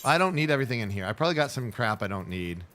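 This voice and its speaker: A man streaming a game, giving excitable, jokey running commentary in casual chat. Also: mid-range voice, racing, slight background noise.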